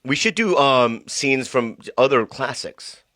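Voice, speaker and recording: A man's voice: medium pitch, expressive, measured pace, sharp tone, no room sound. A man co-hosting a comedy podcast, stammering, giggling and defending himself in casual banter. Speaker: podcast co-host.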